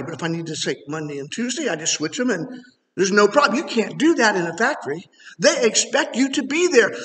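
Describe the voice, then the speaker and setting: Bright-voiced man preaching in a hall. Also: fairly high pitch. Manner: animated, rising to emphatic near-shouts. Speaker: pastor. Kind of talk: sermon. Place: church sanctuary. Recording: long hall reverb.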